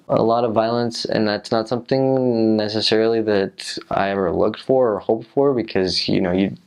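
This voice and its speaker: A man's voice: deep voice, creaky, darkish tone. A young man, a returned missionary, frankly recalling his time serving. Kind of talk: casual recollection.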